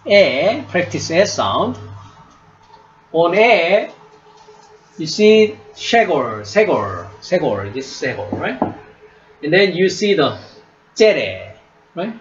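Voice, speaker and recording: A man teaching a class, speaking slowly, repeating each word and checking "right?" with his students. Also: on the high side, very animated, dull audio, faint music behind. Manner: slow, repeats words and asks "right?" often. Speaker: Hebrew teacher. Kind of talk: classroom lesson.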